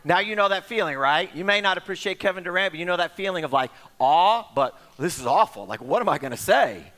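A middle-aged man preaching a sermon as pastor, telling stories in an animated way and acting out the voices of the people in them. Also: high-pitched, fairly quick. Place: church sanctuary. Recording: long hall reverb.

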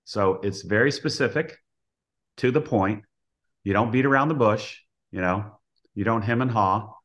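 Plainspoken male softball coach guest. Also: lowish voice, a little slow. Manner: plainspoken, explanatory. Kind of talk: casual podcast interview.

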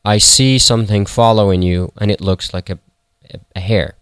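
A watchful female bird from an old folktale, as a man telling the story puts her on calls slow, calm warnings down from the sky. The voice is deep and smooth, and the recording is dry and close. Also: no room sound, lightly acted.

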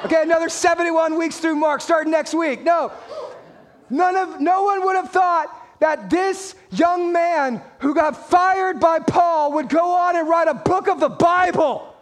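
High-pitched guy pastor giving a sermon, punchy and jokey. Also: unhurried, some chatter behind. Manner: emphatic, joking preaching to a congregation.

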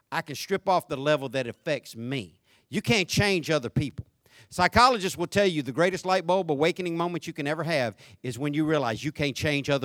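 A man preaching a sermon as pastor, folksy and joking, swinging from shouts down to quiet, low talk. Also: no room sound. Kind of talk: conversational sermon.

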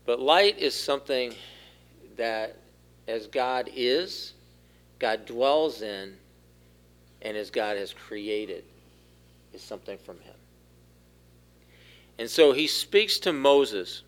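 A man giving a sermon as pastor, asking the congregation questions and growing louder at the key points. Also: medium pitch, animated, slow pace, long pauses. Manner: asks the room questions, rises in force for key points. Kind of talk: interactive sermon.

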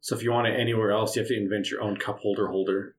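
A man's voice: on the low side, flat delivery, very fast. A man in a casual comedy podcast chat who jokes and calls the votes. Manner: jokey, runs the votes.

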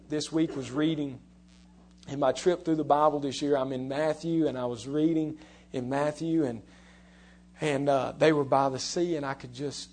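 A man's voice: medium pitch, darkish tone, a little hiss or hum. Earnest male preacher telling a story. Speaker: pastor. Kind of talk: sermon.

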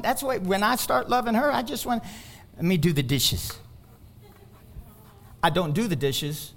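At a moderate pace, this high-voiced pastor works through a sermon built on stories with lots of quoted speech. His delivery becomes animated, climbing almost to shouting whenever he hits a key point.

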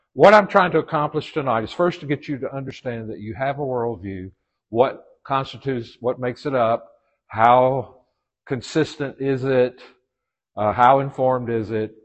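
A man's voice: mid-range voice, muffled recording. A man with a Southern US accent teaching a church leadership class in a folksy way, with joking asides and frequent restarts. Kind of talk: informal church class lecture.

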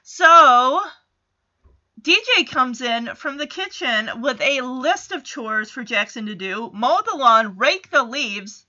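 Woman, casual show recap, chatty, amused asides, high and bright, slightly muffled audio. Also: lively intonation, slow. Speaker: TV episode recapper.

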